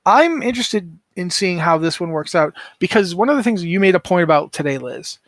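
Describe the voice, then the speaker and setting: A man's voice: sits high, lively intonation, fairly quick, dry recording. A middle-aged man co-hosting a casual podcast, rambling, correcting himself and apologizing for mispronouncing names. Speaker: podcast co-host.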